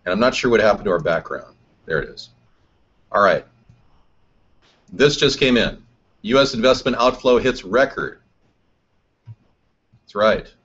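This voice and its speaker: A man's voice: on the low side, expressive, measured pace, long pauses, a bit bright, husky. A man hosting a live political chat show, reading chat comments aloud and answering them combatively. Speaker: host. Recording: dull lo-fi stream audio.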